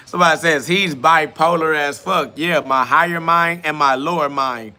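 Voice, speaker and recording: Speaking unhurriedly with long pauses, the man has a fairly high voice that sounds pushed and bright. He's a podcast host ranting on a live stream while reading comments, by turns laughing, mocking, profane and preachy.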